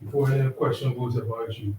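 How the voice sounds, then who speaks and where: A man's voice: mid-range voice, steady tone, fast, darkish tone, a little hiss or hum. A man chairing a council meeting, brief and procedural. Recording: echoey chamber, distant mic.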